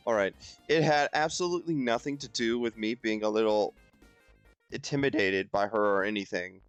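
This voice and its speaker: A man's voice: on the low side, normal speed, smooth, no echo, soft background music. A man reading a book aloud with friends for comedy, rambling and joking as he goes. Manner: rambling, joking, frequent restarts. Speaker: reader and co-host.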